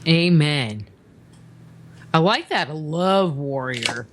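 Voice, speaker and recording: Slow, soft-spoken radio host. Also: medium pitch, lively intonation, slight background noise. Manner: soft-spoken, brief affirmations and laughs. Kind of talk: interview hosting.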